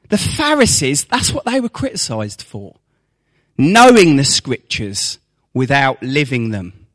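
A man's voice: fairly high pitch, huge pitch swings, unhurried, pauses often, a bit bright. A man preaching a sermon to his congregation, with rhetorical questions and mocking asides.

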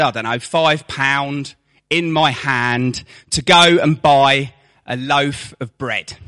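A man's voice: fairly high pitch, fairly bright tone. A man preaching a sermon to his congregation, with rhetorical questions and mocking asides.

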